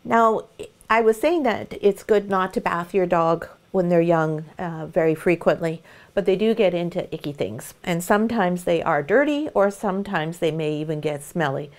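A middle-aged woman, a dog breeder, giving a gentle, calm demonstration of how to groom a puppy. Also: fairly low pitch, normal speed. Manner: sing-song baby talk to the puppy.

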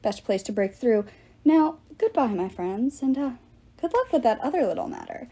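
A smug male wine god from a storybook, lazy and self-pleased, tossing off remarks with lordly ease as a woman reader puts him on. Her tone is mellow and softly breathy. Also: on the high side, sing-song, moderate pace, exaggerated voice. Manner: smug and offhand.

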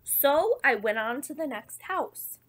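A woman reading a picture book aloud in the wolf's first-person voice, playful and expressive, with chatty asides to listeners. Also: high-pitched, takes it slowly. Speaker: storybook reader.

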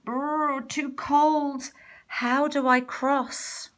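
A woman voicing a cheeky, boastful little gingerbread man with a high, sing-song, giggly voice. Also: level tone, very slow, a bit bright, heavily acted. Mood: shivering.

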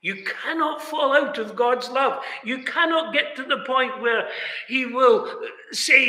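Bright-voiced man preaching in an echoing chapel. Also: extremely high pitch, takes it slowly. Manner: emphatic, with rhetorical questions and direct address to listeners. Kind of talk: sermon. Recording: echoey chapel with long reverb.

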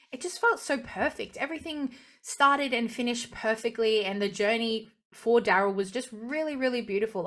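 A woman's voice: on the high side, fairly bright tone. A young woman vlogging a casual review of a TV series finale, gushing with enthusiasm as a fan.

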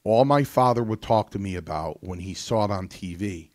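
Low voiced guy rambling thru a story, lots of stops and restarts, dry close sound. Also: moderate pace, no echo. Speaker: host. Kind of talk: casual talk show conversation.

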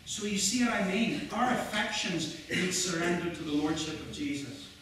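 Preacher in an echoey hall. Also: male voice, high-pitched, expressive, a bit bright, slight background noise. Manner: earnest, rising to fervent, with quotes read slowly. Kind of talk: sermon. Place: mission hall. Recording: very echoey hall, mic far off.

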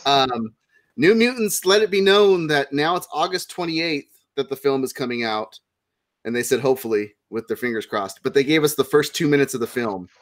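A man hosting a live podcast, easygoing, reading out viewer comments with drawn-out fillers. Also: medium pitch, animated. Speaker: podcast host reading chat. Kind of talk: casual nerd-news chat.

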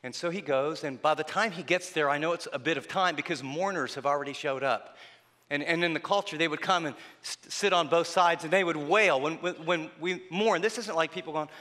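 A man preaching a sermon, telling the story dramatically and swinging between loud passages and hushed ones. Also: on the high side, a little fast, long reverb tail. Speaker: pastor.

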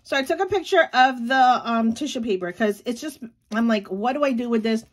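A woman's voice: fairly high pitch, expressive, brisk. A woman in her thirties chatting casually at home as she vlogs about running her small sticker shop, with lots of fillers and small laughs. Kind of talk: casual vlog chat.

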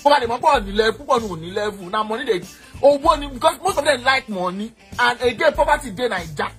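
High, fast-talking Nigerian man ranting. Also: expressive, soft background music. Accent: Nigerian, mixing Pidgin and Yoruba. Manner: loud, boastful, bursts into shouting and sing-song. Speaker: eyewitness in a played clip. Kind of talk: heated rant.

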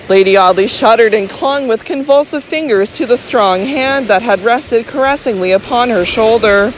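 A woman's voice: a little high, normal speed, few pauses, a little hiss or hum, poor audio. A woman narrating a Victorian novel as an audiobook, reading with impassioned, dramatic delivery. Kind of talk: scripted narration.

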